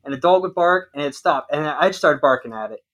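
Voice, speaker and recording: A man co-hosting a casual podcast chat, telling a long personal story in an animated way. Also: on the high side, fast, muffled recording. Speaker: podcast co-host.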